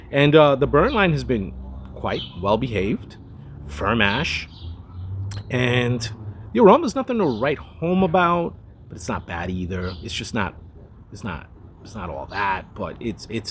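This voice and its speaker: A man's voice: medium pitch, a little hiss or hum. A man hosting a cigar review, talking in a rambling, chatty way with lots of asides and restarts. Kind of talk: casual cigar review monologue.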